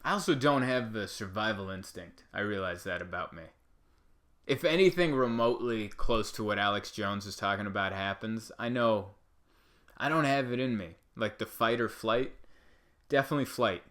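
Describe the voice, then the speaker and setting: A man hosting a comedy podcast, riffing through rambling stories in an animated way. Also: fairly low pitch, normal speed.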